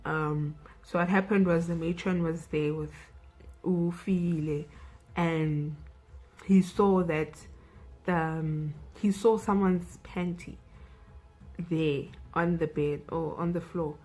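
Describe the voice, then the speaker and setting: A young woman with a South African accent chatting through a film recap for her channel. She talks slowly and unhurriedly in a husky, somewhat low voice, filling her sentences with "like" and "you know". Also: steady tone, a little mellow, low-quality recording. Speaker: vlogger.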